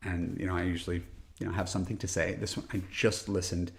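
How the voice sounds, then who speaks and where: Man, middle-aged, dating coach, solo podcast, deep voice, vocal fry, emphatic, repeats words. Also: level tone, fast. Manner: rhetorical "right?" tag questions. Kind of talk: earnest solo podcast monologue.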